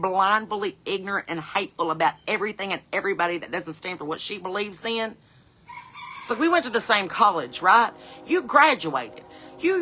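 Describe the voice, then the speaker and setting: A woman performs a comedy character monologue as a sassy, chain-smoking, twangy middle-aged mom from the hills. Ranting in a bright, forceful mid-range voice, she rambles through folksy, cheeky asides.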